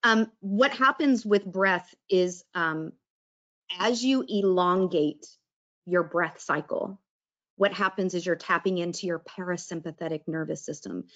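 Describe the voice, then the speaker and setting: The sound is lo-fi as a woman with a fairly low, slightly bright voice presents unhurriedly on breath work and mindfulness. She keeps it casual and talkative, voicing imagined inner thoughts aloud.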